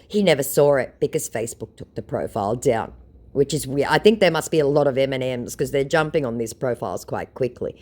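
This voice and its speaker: A woman's voice: very deep voice, expressive, a little fast, a little mellow. A woman vlogger reading out chat messages storytime-style, with a sarcastic, mocking manner.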